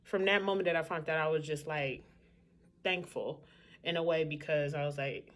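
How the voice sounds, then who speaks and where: A woman's voice: deep voice, fairly even intonation, normal speed. Chatty, candid woman vlogging to camera. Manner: chatty, candid, talks straight to viewers. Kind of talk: casual chat to camera.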